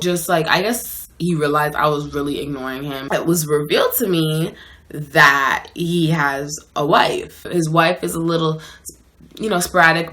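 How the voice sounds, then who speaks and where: A woman with a low voice tells a dating storytime to her viewers. She talks casually and chattily, leaning on "like" as she goes. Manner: chatty, animated, lots of "like". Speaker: vlogger.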